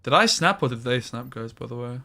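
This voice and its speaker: A man streaming a card game live, chatting casually with viewers and breaking into loud exclamations. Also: mid-range voice, expressive, brisk, gravelly, soft background music. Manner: chatty, talks to chat, bursts into loud exclamations.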